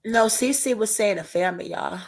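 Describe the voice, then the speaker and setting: A woman's voice: medium pitch, fairly quick, creaky. A woman hosting a livestream, crying and emotional as she talks openly to her viewers in casual chat. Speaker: livestream host.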